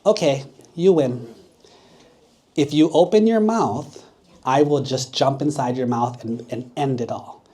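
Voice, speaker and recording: A man's voice: mid-range voice, unhurried, mellow, breathy edge. Brief: clever little monkey hero for a storybook tale, a man doing the voice, coaxing and polite. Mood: calm. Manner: puzzled, pleading, then polite.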